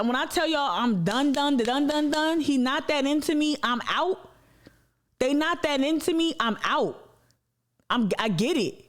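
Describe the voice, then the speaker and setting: A woman hosting an activist panel discussion, talking in an animated, slangy way and swearing freely. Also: high-pitched, moderate pace. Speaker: activist show host.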